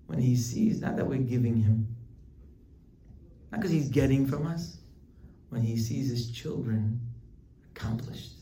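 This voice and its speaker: A rabbi teaching his weekly class in an animated storytelling manner, with his pitch shooting up high for emphasis. His mid-range voice echoes around an indoor room. It is picked up from some distance, with faint ambience underneath. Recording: roomy hall, distant mic, faint ambience.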